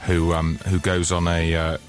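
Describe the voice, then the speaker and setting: A man's voice: low voice, monotone, moderate pace. A man, a comedy actor, chatting playfully as a guest in a radio studio interview, teasing and laughing often.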